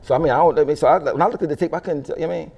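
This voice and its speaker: A middle-aged man rattles through his stories at a rapid clip, his voice dark and gravelly. He curses freely, laughs often and acts out the people in his stories. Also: a little high, lo-fi sound. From Philadelphia. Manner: profane, animated storyteller who laughs often. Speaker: interview guest. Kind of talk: casual storytelling interview.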